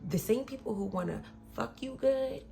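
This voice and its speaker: A woman podcast host openly recounting an abusive relationship, blunt and emotional, sometimes dropping to a hush and sometimes rising sharply. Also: fairly high pitch, expressive, moderate pace, creaky, faint music behind. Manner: blunt, emotional, swings between soft and loud. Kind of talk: candid personal storytelling.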